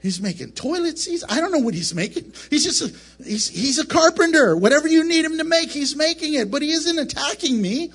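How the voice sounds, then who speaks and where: A man's voice: extremely high pitch, lively intonation, fairly quick, a bit bright, voice pushed up, full character voice. A man voicing a scornful male devil who sneers at his rival. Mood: mocking. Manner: sneering, dismissive.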